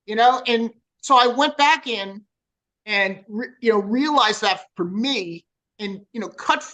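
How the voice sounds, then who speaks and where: Bright-voiced profane rocker with New Jersey accent. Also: male voice, sits high, a little slow, rough recording. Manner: profane, storytelling, animated. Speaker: metal singer, interview guest. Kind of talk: casual interview chat.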